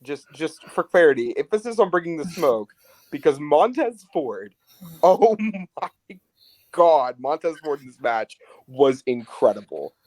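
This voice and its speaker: A man co-hosting a podcast in casual chat, animated and full of fillers. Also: fairly high pitch, normal speed, dry recording. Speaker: podcast co-host.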